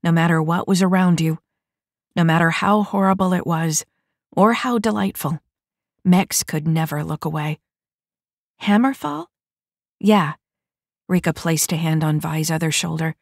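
Brief: woman audiobook narrator, low voice, dry close sound, steady delivery. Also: normal speed, dry recording.

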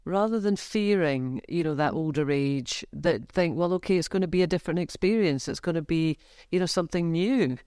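A woman's voice: lowish voice, a little fast, few pauses, warm tone, smooth, dry recording, clean studio sound. A woman co-hosting a podcast, chatting casually and teasing her guest and co-host.

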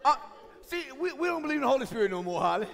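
A man preaching a sermon as pastor, swinging from shouted points to chatty asides with the congregation. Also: extremely high pitch, sing-song, rapid-fire, vocal fry. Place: church sanctuary. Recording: reverberant church sanctuary.

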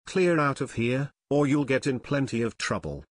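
A man's voice: mid-range voice, lively intonation, normal speed, no echo, studio quality, natural voice. A man reading an audiobook, voicing a burly sailor who barks curt orders. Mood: gruff. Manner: barking, curt. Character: gruff burly male sailor.

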